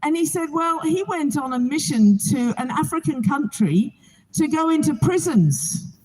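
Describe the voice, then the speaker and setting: A high-pitched woman speaks to a gathered crowd outdoors. Her delivery is earnest and heartfelt, in the manner of a preacher sharing her testimony. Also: animated, measured pace, darkish tone, low-quality recording. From England. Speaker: Bible reading organizer.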